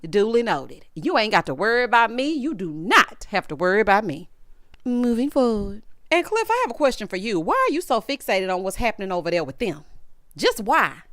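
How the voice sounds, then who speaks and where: A woman's voice: fairly high pitch, fairly bright tone, dry recording, clean studio sound. A woman with a Southern US accent giving a sassy, gossipy recap of a reality show, talking to viewers as honey and y'all. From Southern United States. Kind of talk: casual recap commentary.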